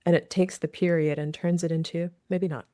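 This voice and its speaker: A woman's voice: on the low side, level tone, a little fast, dark tone, clear, resonant tone. A woman who works with grieving people, talking earnestly in an interview and explaining her ideas through quoted examples. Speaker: grief expert and author, guest. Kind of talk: conversational interview.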